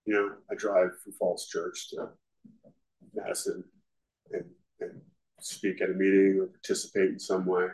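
A man with a slightly low voice speaks candidly at a recovery meeting, telling his own story. He is self-deprecating and frank, and his talk is loose and conversational, full of "you know". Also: level tone, moderate pace, pauses often, darkish tone, poor audio. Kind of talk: candid personal testimony.

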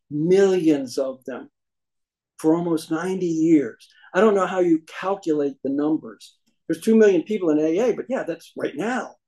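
A man's voice: a little high, mellow, rough recording. A man telling his recovery story to a meeting audience in a folksy, humorous way, acting out the voices of people he quotes.

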